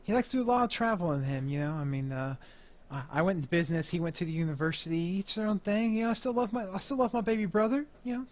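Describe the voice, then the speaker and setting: A man's voice: high-pitched, fast, voice pushed up, close to an everyday voice. A man voicing a chummy middle-aged club owner who rambles in a folksy way. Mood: friendly.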